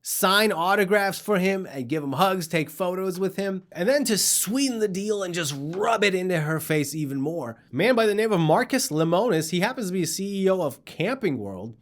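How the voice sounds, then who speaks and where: A man's voice: high-pitched, animated, moderate pace, few pauses. A man hosting a comedy news show, telling a story with sarcasm and mockery. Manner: sarcastic, mocking, acts out characters.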